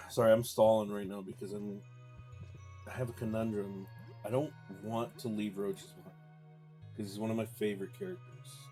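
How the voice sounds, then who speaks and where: A man's voice: lowish voice, moderate pace, pauses often, darkish tone, soft background music. A young man, chatting casually while streaming a game live and reading chat aloud. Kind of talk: live gameplay commentary.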